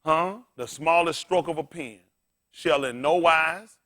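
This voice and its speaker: A man's voice: on the high side, unhurried, fairly bright tone. A man preaching a sermon as pastor in a plain-spoken, folksy way, calling out to the congregation and asking it questions as he restates scripture.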